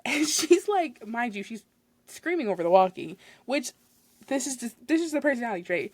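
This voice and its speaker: Young woman podcaster, fairly high voice, super expressive, dry close sound. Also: normal speed, no room sound. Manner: animated, exasperated retelling with laughs. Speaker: podcast host. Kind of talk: casual storytelling.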